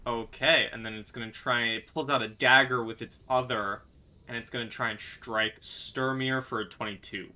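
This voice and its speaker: A man acting as game master, calmly calling rolls and turns in a tabletop game. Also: medium pitch, moderate pace. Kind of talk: running a tabletop game over voice chat.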